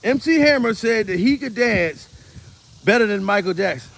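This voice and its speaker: High-voiced, gravelly, laughing comedian. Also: male voice, animated, normal speed, a bit bright, slight background noise. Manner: laughs often, profane, rambling. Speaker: comedian vlogger. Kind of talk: casual comedic rant to camera.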